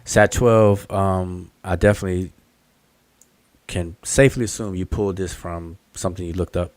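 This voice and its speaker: A man's voice: deep voice, steady tone, normal speed, a little mellow, no echo. A man hosting an online study group hangout, explaining patiently and thinking aloud over a video call. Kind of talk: casual online hangout discussion.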